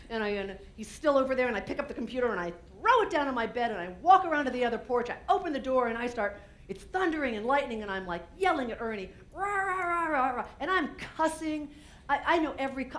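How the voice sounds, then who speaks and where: A woman business owner gives a keynote at a conference, telling a candid personal story with animation and acting out what she said. Her voice is fairly high, and she restarts her sentences often.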